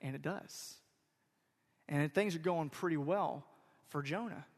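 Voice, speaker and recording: A male pastor with a fairly high voice delivers a sermon in a church sanctuary, his words trailing into a long reverberant tail. He talks to the congregation casually, punching some words loudly and dropping others to near hush. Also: unhurried, gravelly. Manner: conversational, swings between loud emphasis and quiet asides. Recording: reverberant hall.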